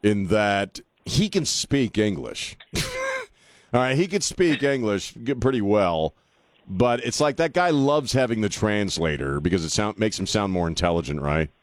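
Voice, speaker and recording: A man's voice: on the low side, huge pitch swings, a little slow, no echo. Male talk radio host, blunt and sarcastic, rambling monologue, dry close studio sound.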